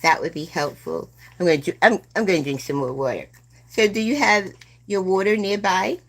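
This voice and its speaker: A woman in her seventies hosting a live stream, chatting slowly and gently with viewers and calling them "my dear love.". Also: mid-range voice. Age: 70s. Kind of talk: casual chat with live viewers.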